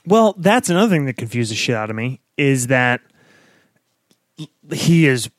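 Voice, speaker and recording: A man's voice: medium pitch, very animated, moderate pace, no echo. A man co-hosting a podcast, joking and laughing through loose, profane film talk. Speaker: podcast co-host. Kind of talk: casual film-review chat.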